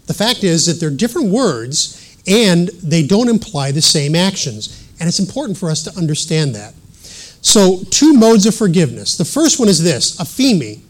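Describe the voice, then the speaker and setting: A middle-aged man preaching a sermon in an earnest teaching manner, reading scripture aloud and adding self-deprecating asides. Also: high voice.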